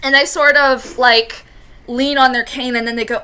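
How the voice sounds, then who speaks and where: Woman game master, bright and a bit high, lots of ums. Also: fairly even intonation, normal speed, smooth. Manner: hesitant, full of fillers. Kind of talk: narrating a tabletop game.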